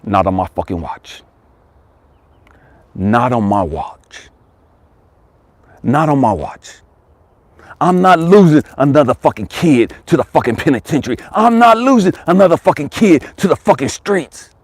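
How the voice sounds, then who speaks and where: A man giving an impassioned motivational monologue as a life coach, profane and emphatic, repeating his phrases and dropping from loud to hushed. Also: mid-range voice, animated, a little slow, pauses often, no echo.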